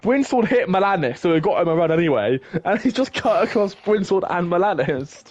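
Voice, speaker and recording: A man's voice: high voice, expressive, a little fast, a little mellow, lo-fi sound. A man co-commentating a sim race casually, wry and often laughing.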